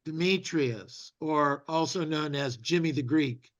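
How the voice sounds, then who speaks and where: A man's voice: on the high side, unhurried, lo-fi sound. A man hosting a casual interview, upbeat and encouraging. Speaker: interview host and sales coach.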